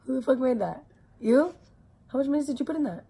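A woman's voice: sits high, animated, brisk, creaky, warm tone, husky. A young woman talking casually through a makeup tutorial in a chatty, filler-heavy way, with some swearing. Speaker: beauty vlogger.

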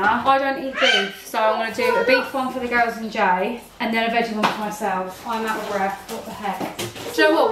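A pregnant woman chats candidly to her camera while she gets on with her day at home. Her voice sits a little high, and the room is echoey. Clear household noise runs under her talk. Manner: chatty and candid, talks to a toddler in between. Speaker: vlogger. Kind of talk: casual chat to camera. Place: home, in a kitchen.

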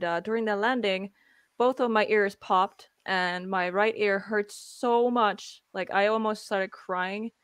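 A woman's voice: medium pitch, clear, resonant tone, no room sound. A woman from Finland, an English speaker with a stuffy nose, hosting a casual live-stream chat and reading from her notes with lots of fillers. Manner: chatty, reads from notes, frequent fillers. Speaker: host.

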